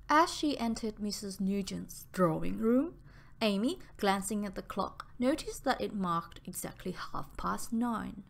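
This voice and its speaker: A woman narrating an audiobook in a slow, deliberate reading style. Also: medium pitch, gravelly.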